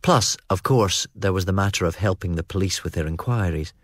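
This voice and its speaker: A man narrating a first-person novel as an audiobook, in a steady, even storytelling manner. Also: sits low, a little fast, no echo.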